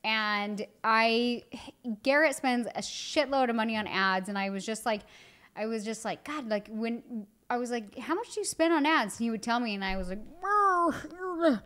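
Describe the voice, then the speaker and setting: A woman's voice: fairly high pitch, normal speed, fairly bright tone, clear, resonant tone. Chatty woman telling a story. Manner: chatty storytelling with many "like" fillers. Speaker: co-host, wife of the other host. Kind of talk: candid married-couple podcast chat.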